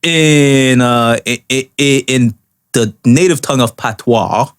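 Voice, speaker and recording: A man's voice: mid-range voice, slow, clean tone. A man co-hosting a casual podcast chat, talking in a rambling way with many restarts. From Toronto, Canada. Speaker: podcast co-host.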